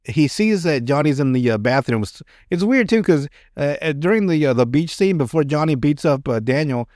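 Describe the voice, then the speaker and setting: A man's voice: fairly high pitch, expressive, normal speed, a little mellow, no room sound, studio quality. A man hosting a podcast, chatting casually about a movie, rambling with lots of filler words, swearing and laughing often. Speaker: podcast host.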